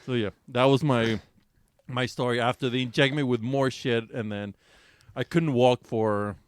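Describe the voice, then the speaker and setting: A man co-hosting a podcast, telling a raunchy story in casual chat, animated and swearing freely, with bursts of laughter. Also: medium pitch, moderate pace, smooth, no echo, studio quality. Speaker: podcast co-host.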